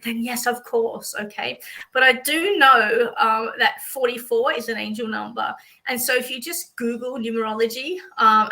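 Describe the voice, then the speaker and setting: A woman's voice: fairly high pitch, bright, forceful tone, low-quality recording. An Australian woman, a psychic medium, chatting through a livestream reading for viewers with many fillers and a reassuring manner.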